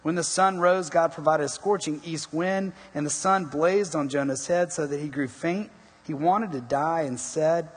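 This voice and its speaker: A middle-aged man preaching a sermon, telling a personal story and asking the congregation questions in an animated way. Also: on the high side, normal speed, slightly rough. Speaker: pastor. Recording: long echoing reverb in a large hall.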